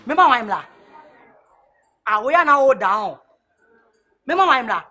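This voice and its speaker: A man acting in a comedy drama scene, shouting in a loud, excited way. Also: extremely high pitch, measured pace, long pauses.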